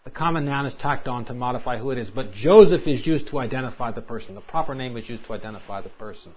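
A man's voice: medium pitch, lively intonation, fast talker, breathy edge. Man, Bible lecture to a class, explanatory, emphatic quoting, muffled lo-fi sound. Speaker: Bible teacher. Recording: dull lo-fi recording.

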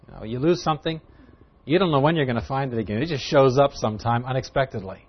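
A man preaches an expository sermon in an easy, conversational teaching manner. His voice sits at an ordinary middle pitch and climbs louder when he stresses a point. The recording is dull and lo-fi. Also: fast talker, husky. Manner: conversational Bible teaching, rising loud for emphasis. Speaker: pastor.

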